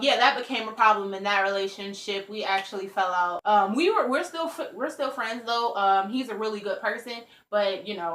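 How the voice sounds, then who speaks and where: Young woman vlogger, chatty storyteller, bright edge, echoey room sound. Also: medium pitch. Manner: chatty, lots of "like" and "you know". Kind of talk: casual storytime. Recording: roomy echo.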